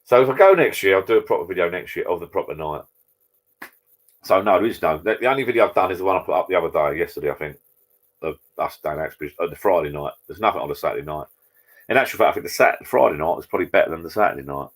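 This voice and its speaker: A man hosts a relaxed live stream from his home bar, speaking into a laptop. His voice sits very low. He drifts from story to story and calls out to viewers by name. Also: fast. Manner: chatty, rambling, greets viewers by name. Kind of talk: casual live chat with viewers.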